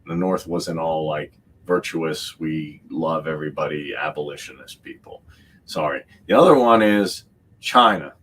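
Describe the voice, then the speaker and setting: A man's voice: very deep voice, measured pace, fairly bright tone, slight background noise. A man talking in a casual political podcast chat, rambling and slipping into mock voices as he quotes others.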